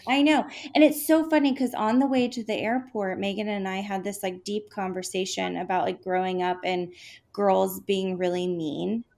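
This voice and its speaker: Telling a story on the podcast she co-hosts, a young adult woman speaks at a moderate pace in a creaky, medium-pitched voice. She's animated, leans heavily on "like," and acts out what people said.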